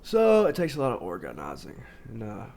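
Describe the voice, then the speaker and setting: A man's voice: lowish voice, wildly swooping pitch, fairly quick, gravelly, darkish tone. A man talking casually in a rambling self-help monologue, full of fillers and restarts. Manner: informal, says "like" constantly. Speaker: video host.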